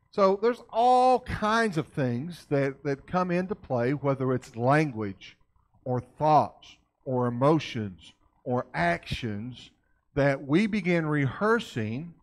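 A man giving a conversational church lecture in a folksy way, constantly checking in with his listeners with questions. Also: a little high. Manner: folksy, keeps asking the audience questions.

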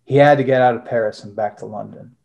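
A man's voice: medium pitch, fairly even intonation, fast talker, gravelly, a little mellow. A young adult man, an author and former Marine, answering interview questions casually with many fillers and reading from his book.

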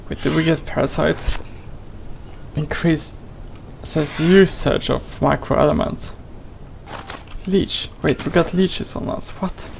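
Gravelly man doing playful game commentary. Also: a little high, slow, pauses often, a little hiss or hum, low-quality recording. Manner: playful, exclaiming, talks to the game character. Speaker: gaming channel host. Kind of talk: let's play commentary.

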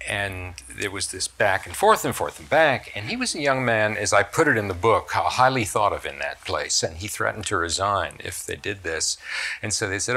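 An older man with a low, deep voice and a bright, forceful edge. He tells stories in an animated way, with sudden lifts in pitch and loudness. He sounds like a reflective guest in a stage interview. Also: normal speed. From United States. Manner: storytelling, animated, lively swings in loudness. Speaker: author and surgeon, guest. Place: stage talk at a cultural center.

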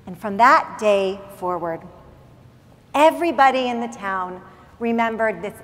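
A woman rabbi delivers a sermon as an expressive, dramatic story. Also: fairly high pitch, unhurried. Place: synagogue sanctuary. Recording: long reverb in large hall.

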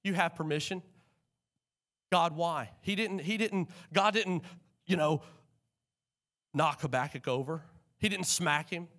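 A man preaching a sermon in a church, animated and calling on the congregation to respond. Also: a little high, measured pace, long pauses. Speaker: pastor. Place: church sanctuary.

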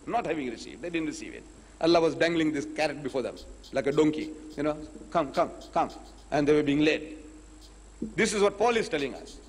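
Man with a high, husky voice, lively public lecturer who acts out both sides of a debate; long hall echo. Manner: animated storyteller, acts out both sides of the dialogue. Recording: echoey lecture hall recording.

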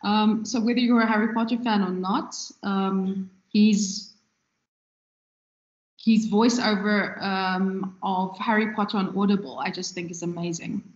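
A woman lecturing casually, pausing on frequent ums. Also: mid-range voice, steady tone. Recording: echoey room, dull lo-fi sound.

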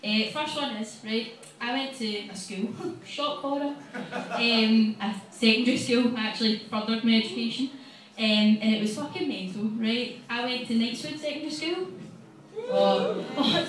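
A woman's voice: on the high side, normal speed. Brash Glaswegian woman in an echoey bar. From Scotland. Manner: brash and sweary, chatty. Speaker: stand-up comedian. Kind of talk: stand-up set. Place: small bar stage. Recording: echoey live bar from a distance.

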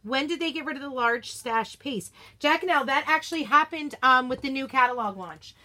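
A woman's voice: high-pitched, moderate pace, bright, forceful tone. A woman hosting a live craft unboxing stream, bubbly and gushing, greeting viewers by name in casual chat from her desk at home.

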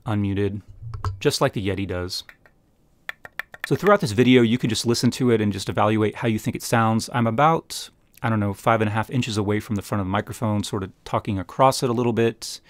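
A man reviewing microphones in a small home room, talking close to a USB condenser mic on his desk and explaining each test step by step in a relaxed, plain way. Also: on the low side, a little fast, dry recording. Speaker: tech reviewer. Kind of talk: casual mic test demonstration.

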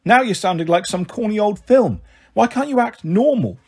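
A man's voice: high voice, lively intonation, normal speed, breathy edge, pitched above the performer's own voice, exaggerated voice. A man doing a blunt, sensible teenage girl. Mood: reproachful. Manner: blunt and reproachful.

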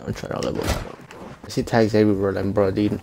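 A man's voice: lowish voice, little pitch movement, fast talker, vocal fry, very noisy. A young man giving profane, trash-talking commentary while playing a shooter game. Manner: swears constantly, trash-talks opponents. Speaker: gaming streamer. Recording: loud gunfire game audio behind.

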